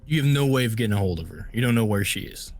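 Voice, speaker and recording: A man playing a tabletop role-playing game, talking quickly and urgently in character. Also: on the low side, expressive, faint music behind. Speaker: player.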